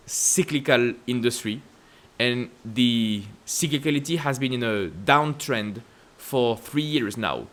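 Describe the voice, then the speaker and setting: A man with a French accent hosting casual stock-market commentary, asking emphatic rhetorical questions and jumping up in pitch to stress points. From France. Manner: emphatic, repetitive rhetorical questions with sudden upward pitch leaps. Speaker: investing channel host.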